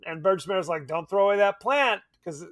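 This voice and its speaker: A man co-hosting a podcast in casual chat, animated, laughing often and swearing casually. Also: sits high, quick pace. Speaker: podcast co-host. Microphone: remote podcast mic.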